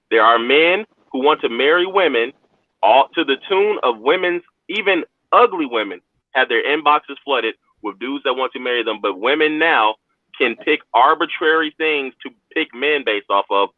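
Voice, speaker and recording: A man commentating in a heated debate, forceful and talking over others. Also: medium pitch, dry recording, narrow, tinny audio.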